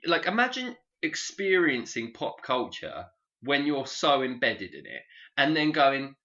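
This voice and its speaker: A man co-hosting a podcast in casual chat, animated and swearing freely. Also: mid-range voice, a little slow. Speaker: podcast co-host. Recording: dull lo-fi sound.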